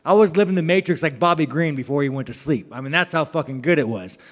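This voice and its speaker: Male fighter at a press scrum: brash, cursing, rambling jokester, fairly high voice, long room echo. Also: fast. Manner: brash, profane, rambling, joking. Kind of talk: media scrum answers.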